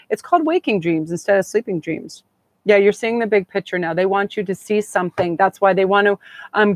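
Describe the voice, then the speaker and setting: A woman's voice: medium pitch, no echo. A middle-aged woman hosting a live tarot reading, talking in a chatty, gushing, meandering way. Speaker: tarot reader and host.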